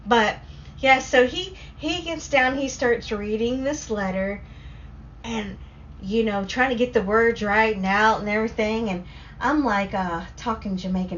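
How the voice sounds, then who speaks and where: A woman with a Southern US accent, hosting a casual story time on a livestream, rambling excitedly between reading chat comments. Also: a little high. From Southern United States. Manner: rambling and excitable, talks in quick bursts. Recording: slightly dull lo-fi stream audio with faint noise.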